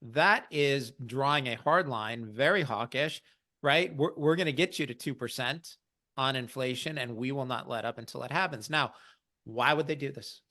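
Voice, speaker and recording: A man's voice: medium pitch, normal speed, sharp tone. A man hosting an investing podcast, explaining market news in a casual, wry way. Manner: explanatory, wry, quotes others in mock voices.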